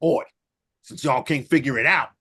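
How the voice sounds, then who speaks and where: A man co-hosting a casual comedy wrestling talk show, retelling events and acting out the wrestlers' lines with profane, animated delivery. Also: medium pitch, fairly quick. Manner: animated, acts out quotes in exaggerated voices, profane. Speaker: podcast co-host recapping wrestling.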